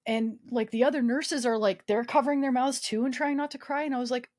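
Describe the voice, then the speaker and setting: A woman sits for a casual interview and spins a personal story, slipping in and out of the voices of the people in it. Her voice sits slightly high for a woman. The recording is close and dry. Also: fast, hardly any pauses, dry recording. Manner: animated storyteller acting out quoted dialogue, frequent swearing and laughs. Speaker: guest, army veteran.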